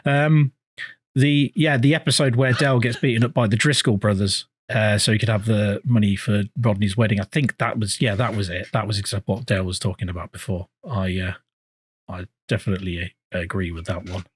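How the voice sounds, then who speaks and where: A man's voice: fairly low pitch, fairly even intonation, a little fast, slightly rough, dry recording. A man hosting a casual streamed podcast, reading out chat in a laid-back way with lots of fillers and swearing.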